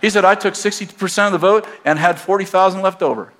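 A middle-aged American man preaching a sermon in a church, telling stories and building to loud exhortation. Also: high-pitched, quick pace, heavy background noise. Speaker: pastor. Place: church sanctuary. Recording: faint crowd in a church. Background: congregation.

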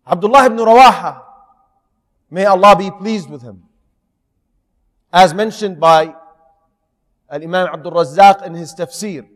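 A man's voice: high voice, measured pace, long pauses. A man preaching a sermon, telling stories with earnest feeling and speaking directly to his listeners. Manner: earnest storytelling, addresses the audience directly. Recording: long hall reverb.

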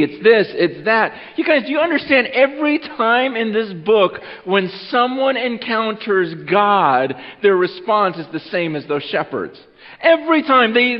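A man preaching a Christmas Eve sermon in a church, animated and repeating words, dropping low and quiet for emphasis. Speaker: pastor. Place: church sanctuary. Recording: muffled with long hall reverb.

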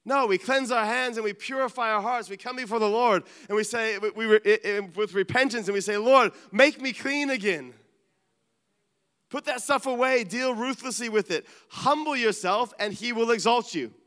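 A middle-aged man preaching a sermon, earnest and animated, dropping to quiet asides. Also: very high voice, a little fast, few pauses, clear, resonant tone. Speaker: pastor. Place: large church hall. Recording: reverberant church hall.

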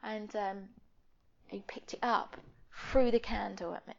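A woman's voice: mid-range voice, steady tone, unhurried, creaky, muffled recording. A woman speaking as a podcast guest, telling a personal story frankly and rambling, with frequent fillers. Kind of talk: candid conversational storytelling.

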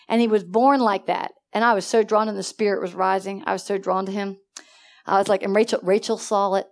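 A middle-aged woman preaching a sermon full of personal stories, swinging from hushed to loud and asking her listeners questions. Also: mid-range voice.

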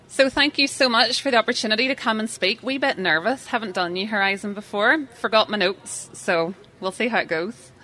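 A woman's voice: medium pitch, fairly quick, hardly any pauses, pushed and bright. A woman giving an interactive live seminar talk, chatty and self-deprecating, putting questions to the audience. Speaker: seminar speaker.

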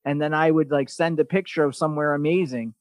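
Male podcast host, slightly high voice, dry close sound; blunt, profane and sarcastic storyteller. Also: fairly even intonation, quick pace, no room sound. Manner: sarcastic, mocking asides. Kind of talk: casual podcast chat.

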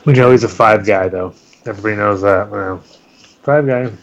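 A man's voice: on the low side, normal speed, dull audio, a little hiss or hum. A man hosting a casual live studio podcast, rambling with frequent restarts and laughs. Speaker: podcast host.

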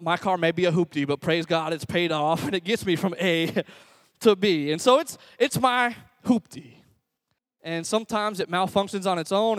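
A man with a high-pitched voice preaching an energetic sermon as a youth pastor. He exhorts the congregation and leads them in call-and-response. The sound is dry and close. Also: dry recording. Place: church service before a congregation.

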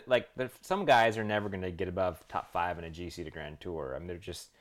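A man co-hosting a casual cycling podcast, talking in an excitable, hesitant way with lots of ums. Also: deep voice. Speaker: podcast co-host. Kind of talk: casual chat.

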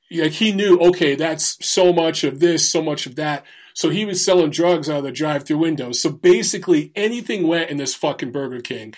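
A man telling crude job stories in a casual, profane way, often laughing through the punchlines. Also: fairly high pitch. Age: adult, former Marine. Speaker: storyteller. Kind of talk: casual storytelling.

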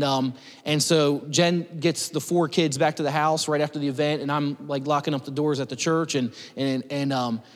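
Halting pastor in an echoing hall. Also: male voice, fairly high pitch. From United States. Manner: halting, repeats words, many fillers. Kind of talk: personal story in a sermon. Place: church sanctuary. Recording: long hall reverb.

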